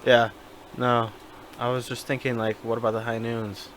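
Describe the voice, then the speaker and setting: A man's voice: medium pitch, little pitch movement, moderate pace, fairly bright tone, rough recording. A young man co-hosting a podcast in easygoing casual chat. He asks a lot of questions and keeps the back-and-forth going. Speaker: podcast co-host.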